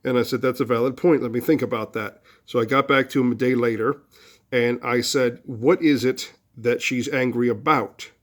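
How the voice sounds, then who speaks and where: A man's voice: medium pitch, steady tone, normal speed. A man talking through a psychological idea and telling a story about a friend, conversational, with fillers and restarts. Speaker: video host. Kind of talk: casual explanatory talk.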